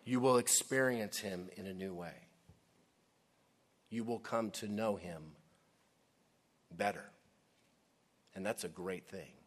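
A male pastor preaching a sermon, emphatic, with dramatic pauses, sometimes dropping to a hush. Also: low-pitched.

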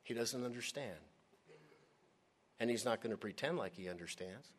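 A male preacher delivering a sermon with an animated, emphatic style. He speaks directly to his congregation and presses hard on his key points. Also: mid-range voice, normal speed. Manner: animated, emphatic, addresses audience as "gang".

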